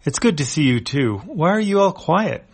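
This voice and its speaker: A man's voice: fairly high pitch, sing-song, normal speed, husky, voice pushed up, heavily acted. A man reading a nervous, evasive space thief. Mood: friendly. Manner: read aloud from comic panels.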